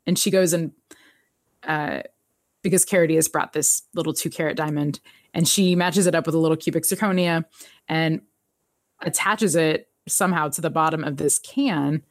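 A woman hosting a podcast, chatting casually as she recaps an episode, telling it in an animated way, laughing often and acting out the characters' lines. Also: sits low, normal speed, dry recording, clean studio sound. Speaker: podcast host.

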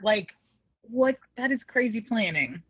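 A woman co-hosting a podcast, casually recapping an episode in an animated way with laughter. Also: on the high side, unhurried, slightly rough, no echo. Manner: animated, laughing, acts out quoted lines. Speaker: podcast co-host. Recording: tinny phone-like dry sound.

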